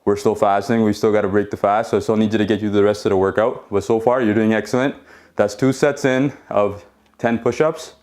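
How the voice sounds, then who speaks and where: A man's voice: lowish voice, steady tone, fairly quick, a little mellow. A man leading a home workout, encouraging, counting reps and checking in with "okay?" as he exercises along. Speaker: fitness instructor.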